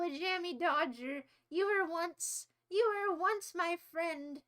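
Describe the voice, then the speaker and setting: A woman's voice: very high-pitched, slow pace, few pauses, fairly bright tone. A young woman hosting a livestream, talking casually in a melodramatic, mock-despairing and playfully insulting way. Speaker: livestream host.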